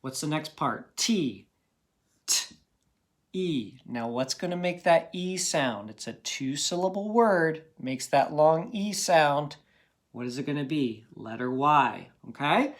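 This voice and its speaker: A man's voice: a little high, measured pace. A man teaching a phonics lesson to children, patient and encouraging, checking in often with "okay?".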